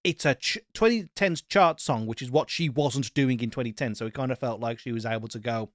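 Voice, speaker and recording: A man's voice: mid-range voice, fairly quick, hardly any pauses, no echo, studio quality. A man co-hosting a podcast, reviewing an album in a casual, blunt and joking way, swearing now and then. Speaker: podcast co-host.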